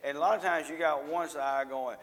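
In a large hall with long reverb, a middle-aged school teacher who also lay-preaches delivers a live sermon to his congregation. His voice is on the high side and a bit bright, fairly even and a little fast, as he asks questions and repeats himself often.

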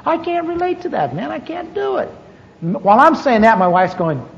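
Here the older man's voice is high-pitched and creaky, moving fairly quickly through a humorous personal testimony. He animatedly performs the dialogue himself, captured in an echoey hall with dull lo-fi sound and a faint hiss.

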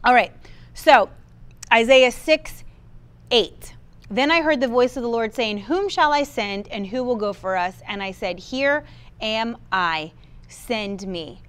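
A woman delivers a sermon in a smooth, resonant voice that sits slightly high. She speaks emphatically, often voicing what believers ought to say. She also calls out to people in the room by name. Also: lively intonation, slow, fairly bright tone. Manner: emphatic, quotes the congregation's inner voice; addresses listeners by name. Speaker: preacher.

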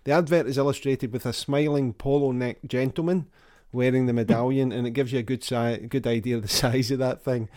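A man's voice: mid-range voice, fairly even intonation, fairly quick, hardly any pauses, a little mellow. A man hosting a chat, reading an old magazine advert aloud with dry, wry asides. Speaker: podcast host.

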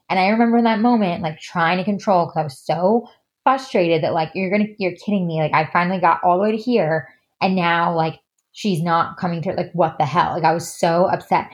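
A woman in her thirties shares a personal story as a podcast guest. Her voice sits a little low, and she talks in a loose, candid way, leaning heavily on "like" and "you know" as she goes. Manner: chatty, heavy use of fillers like "you know" and "like".

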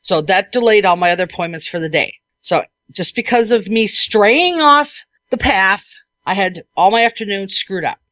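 A woman hosting a podcast as an IT technician, telling a work story in a lively, casual way and acting out what people said. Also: mid-range voice, moderate pace, few pauses, no echo.

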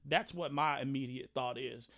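A man hosting a podcast, talking in an animated, rambling way with many restarts. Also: medium pitch, normal speed. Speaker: podcast host. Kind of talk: casual podcast talk.

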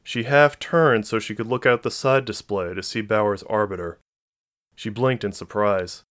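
A man narrating a fiction audiobook in a steady, measured reading. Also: lowish voice.

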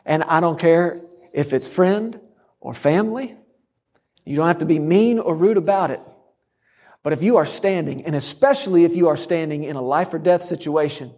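A man's voice: a little high, darkish tone. A man preaching a sermon, driving his points home through repeated declarations and rhetorical questions.

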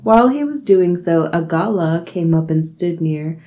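Playful young woman, warm mellow voice. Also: on the low side, lively intonation. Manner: playful, quick quips. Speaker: podcast co-host. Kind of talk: casual chat and reading a folk tale aloud.

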